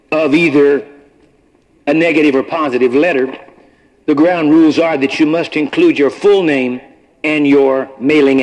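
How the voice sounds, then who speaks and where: A man's voice: a little high, low-quality recording. A man preaching a sermon to his congregation in a conversational, blunt manner, from an old broadcast. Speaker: pastor. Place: church congregation. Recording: archival radio broadcast.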